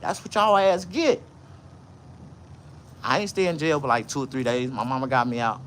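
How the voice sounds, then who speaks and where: A man telling stories in a casual livestream, loud, profane and boisterous. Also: medium pitch, moderate pace, slight background noise. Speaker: vlogger.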